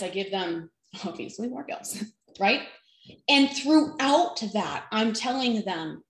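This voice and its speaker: A woman's voice: on the high side, reverberant, rough recording. A woman fitness trainer giving an earnest, encouraging faith-based talk to camera, with self-deprecating asides.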